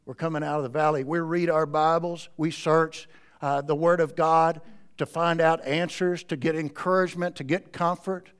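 Man, pastor preaching a sermon, smooth resonant voice, slightly high pitch, soft then loud delivery. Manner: preaching with wide swings between quiet and loud. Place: church.

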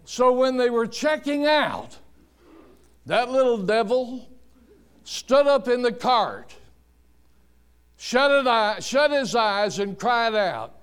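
With a very high-pitched, sing-song voice that's clear, resonant, and a bit bright, a pastor delivers a sermon. Stories carry his message, and he draws out words slowly for effect.

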